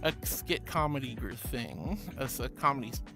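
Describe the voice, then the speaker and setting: A woman's voice: very deep voice, lively intonation, moderate pace, fairly bright tone. A woman streamer chatting casually and reading viewer comments aloud, bubbly, giggly and affectionate. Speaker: streamer host. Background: background music.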